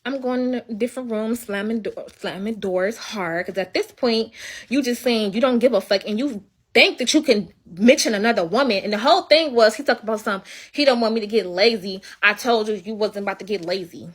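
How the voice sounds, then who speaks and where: A woman's voice: on the high side, a little fast. A young woman livestreaming from home, telling a story as an indignant, swearing rant. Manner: indignant, venting, swears freely. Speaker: livestream host.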